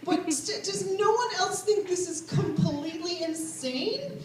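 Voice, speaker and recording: High-voiced woman doing stand-up in an echoey room. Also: lively intonation, measured pace, distant mic, background noise. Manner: sardonic, rising to mock outrage. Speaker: stand-up comedian. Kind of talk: stand-up routine. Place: comedy stage before a laughing crowd. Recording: echoey live room mic, audience laughter.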